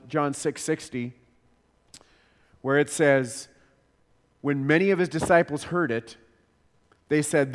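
A pastor delivers a sermon in a fairly high voice. He talks earnestly, doubling words for emphasis. A long reverb trails behind him.

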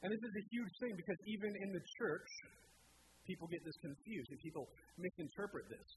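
A man's voice: high voice, lively intonation, fairly quick, background noise. A young man in his twenties preaching a casual sermon, talking conversationally and asking rhetorical questions. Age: 20s.

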